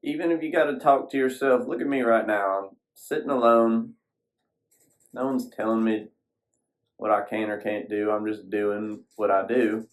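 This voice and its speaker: A man's voice: lowish voice, steady tone, moderate pace, rough recording. A man hosting a solo podcast, sitting alone at a screen, talking in a folksy, rambling way with casual swearing. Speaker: podcast host.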